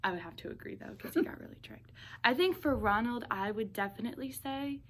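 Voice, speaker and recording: A woman's voice: fairly high pitch, a little fast. A woman teacher reading a picture book aloud to schoolchildren and chatting about it with encouragement. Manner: warm, encouraging.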